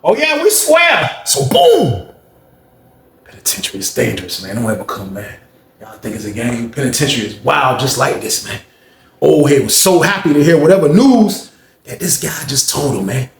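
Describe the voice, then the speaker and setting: With a gravelly, mid-range voice at a fairly quick pace, a man spins a long story in a casual way. He animatedly acts out the people and noises in it, and the room is echoey.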